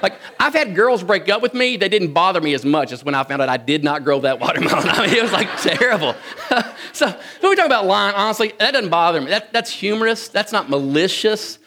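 A man's voice: sits high, very animated, brisk, pushed and bright. A man, telling funny childhood stories to an audience in a folksy, joking way. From Kentucky, US. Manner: folksy, joking, chuckles often. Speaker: speaker addressing an audience. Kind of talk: humorous personal storytelling talk.

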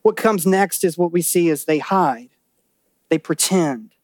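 A man preaching a sermon in a church, animated, acting out quotes and voices, and dropping low and serious for warnings. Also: measured pace, no echo. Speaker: pastor.

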